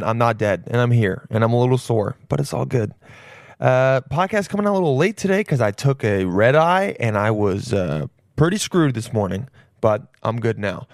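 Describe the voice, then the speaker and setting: A man's voice: mid-range voice, gravelly, no room sound, studio quality. A young man hosting his podcast and introducing a guest in loose, rambling casual chat full of profane, jokey asides. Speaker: podcast host and comedian.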